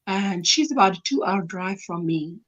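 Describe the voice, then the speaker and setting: A woman's voice: mid-range voice, animated, moderate pace, muffled recording. A woman with a South African accent, chatting casually as a guest in an interview and laughing as she explains things. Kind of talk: casual video-call interview. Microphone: video call.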